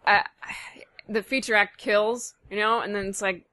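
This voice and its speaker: Bright-voiced comedian woman. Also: mid-range voice, moderate pace. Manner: lively, mimics voices in stories. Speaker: comedian guest. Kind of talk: casual comedy chat.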